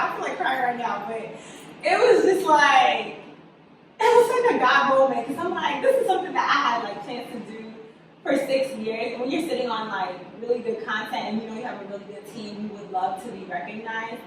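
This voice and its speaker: A young woman guest, a writer and director, talks fairly quickly in a fairly high voice during a relaxed interview. She tells stories with animation, performs quotes, and laughs frequently. The sound is echoey and distant, with background noise.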